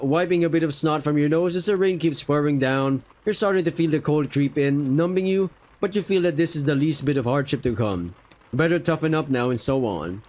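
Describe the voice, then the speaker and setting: Young man, reads game text aloud, casual, curses at his mistakes, slightly high voice. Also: a little mellow. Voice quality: casual, swears in reactions. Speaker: visual novel player reading aloud. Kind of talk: reading a game aloud with asides.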